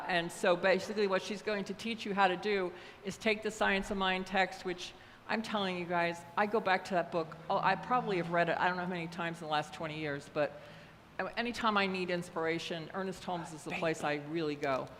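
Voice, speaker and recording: Older woman, church leader, chatty and rambling, mid pitch, reverberant hall. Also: steady tone, brisk, a bit bright, slight background noise. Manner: chatty, rambling, many fillers. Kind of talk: casual church announcements. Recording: echoey hall, faint ambience.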